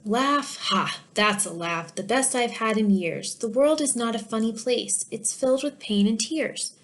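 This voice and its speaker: A woman's voice: a little high, unhurried. A woman voicing a gloomy, cynical businessman who speaks bitterly and dismissively.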